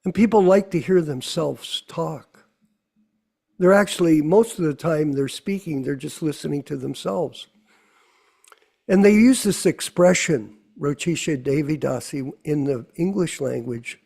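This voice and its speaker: A man speaking slowly in a devotional class, with a fairly high but mellow voice. He preaches at length and scolds with rhetorical questions. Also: creaky, slightly rough. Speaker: host of a scripture class.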